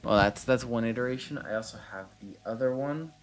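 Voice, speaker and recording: A man's voice: mid-range voice, brisk, a little hiss or hum. A man casually commenting while he plays a building game, thinking aloud, trailing off and restarting, muttering counts and chatting back to viewers. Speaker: game streamer.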